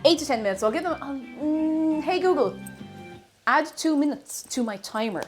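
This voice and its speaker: A high-pitched, animated Irish woman talks fairly quickly to her stream audience as she cooks in her home kitchen. She's bubbly and chatty, reading out viewer names, and soft music plays in the background.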